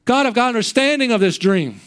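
A wrongly jailed young man pleads urgently and earnestly with God in a high, smooth voice, acted out by a male preacher. He stays hopeful. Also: expressive, fairly quick, a bit bright. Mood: pleading.

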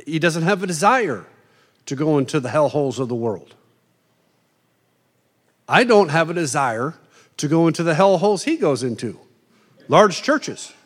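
A middle-aged man gives a conversational sermon, playing out quick quoted voices as he talks. His voice sits fairly high for a man. Long reverb trails off the walls of a large hall. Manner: animated, plays out quoted voices in asides. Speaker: preacher.

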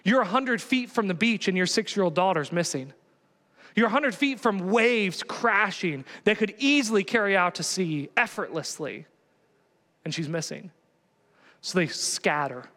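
A man preaching a sermon in a conversational, animated way, often asking the congregation rhetorical questions. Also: high-pitched, moderate pace, long reverb tail. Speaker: pastor.

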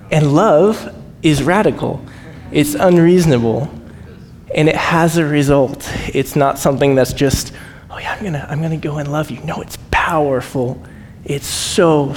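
Animated male missionary preaching in a hall. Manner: animated, acts out quoted voices, laughs often. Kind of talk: storytelling sermon. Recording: echoey hall, faint rumble.

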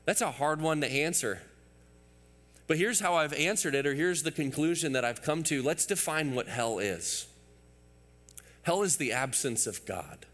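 Pastor preaching in a reverberant hall. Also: male voice, a little high, lively intonation, moderate pace, fairly bright tone. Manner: emphatic, builds through repeated phrases; storytelling asides to the congregation. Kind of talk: sermon.

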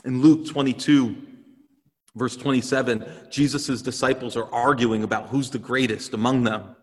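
A male pastor preaches an earnest, emphatic sermon in a church sanctuary, repeating phrases for effect. His medium-pitched voice has fairly even intonation and a moderate pace, and the recording carries long hall reverb.

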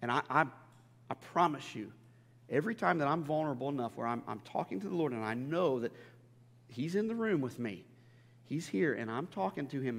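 A man preaching a sermon as a pastor, impassioned and stammering over restarts, swinging between loud and hushed. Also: a little high. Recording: long hall reverb.

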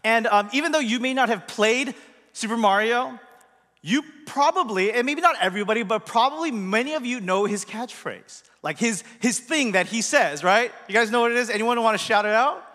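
A man's voice: extremely high pitch, normal speed, bright, forceful tone. A man giving a conversational sermon as pastor, chatty and asking the congregation questions, in a church hall. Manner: chatty, asks the audience questions. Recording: long reverb of a large hall.

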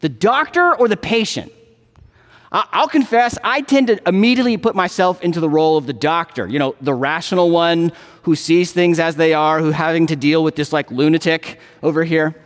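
A man's voice: a little high, moderate pace. A male pastor and father giving a chatty, joking sermon with a storytelling manner. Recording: long church reverb.

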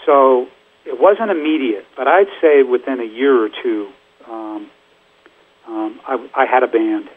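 A man's voice: mid-range voice, unhurried. Older man chatting over a phone line. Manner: rambling, chatty, lots of fillers and laughs. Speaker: musician guest. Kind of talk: casual interview storytelling.

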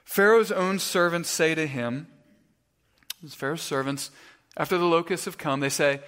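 A man preaching in a loose, conversational way, with a voice that sits somewhat higher than usual. He often trips over his words and repeats himself, and he tells his stories with plenty of energy. His voice rings out through the long reverb of a church hall. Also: unhurried, smooth. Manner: conversational, stammering restarts, animated storytelling. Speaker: pastor. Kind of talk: sermon. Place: church sanctuary.

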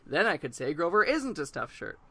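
A man's voice: a little high, very animated, brisk, fairly bright tone, slightly rough, no echo, heavily acted. A man reading aloud as a blunt, outspoken old male owl from a storybook, in short, clipped phrases. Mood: blunt, gruff.

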